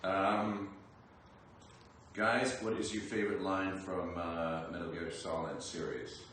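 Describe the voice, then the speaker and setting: A man's voice: deep voice, fairly even intonation, takes it slowly, fairly bright tone. A man reading out fan questions in a friendly, casual livestream chat, chuckling, with hesitant fillers. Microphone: phone some distance away. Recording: echoey room, voice from far off, faint background noise.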